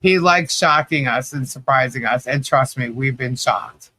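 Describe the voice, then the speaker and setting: A man's voice: mid-range voice, a little slow, sharp tone. A man hosting a casual livestream, telling rambling stories with lots of fillers and laughter. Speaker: livestream host. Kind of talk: casual chat.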